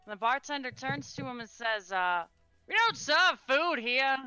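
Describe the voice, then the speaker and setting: A woman's voice: high voice, sing-song, normal speed, pushed and bright, clear, resonant tone, no room sound, soft background music, pitched above the performer's own voice, exaggerated voice. A woman voicing a kindly older female shopkeeper who calls people honey and hun. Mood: joking.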